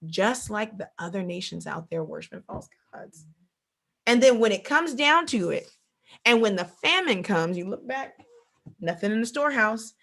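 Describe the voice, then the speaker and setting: A woman teaching a Bible lesson in an animated sermon style, acting out quoted voices and repeating phrases for emphasis, with speech. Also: fairly high pitch.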